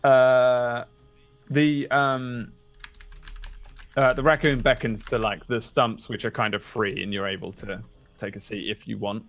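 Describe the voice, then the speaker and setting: A man running a tabletop game as game master, describing the scene in a loose, casual way with plenty of ums and uhs. His voice is mid-pitched with a gravelly, fry-laden texture. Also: flat delivery, a little slow, a bit bright. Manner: casual, filler-heavy narration.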